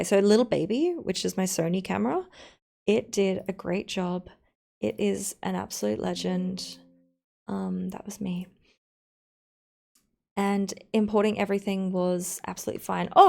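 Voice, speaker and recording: A woman's voice: medium pitch, creaky, darkish tone. A woman streamer chatting casually to her viewers while she edits a video, narrating each step with playful asides. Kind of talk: casual live-stream chat while editing.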